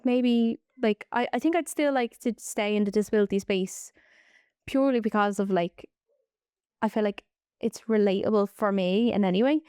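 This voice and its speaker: A woman's voice: medium pitch, normal speed, darkish tone, clear, resonant tone, no echo, clean studio sound. A young woman, chatting loosely about her work and plans and leaning on lots of "like". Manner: chatty, loose storytelling full of "like". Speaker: interviewee, staff member. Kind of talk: casual conversation.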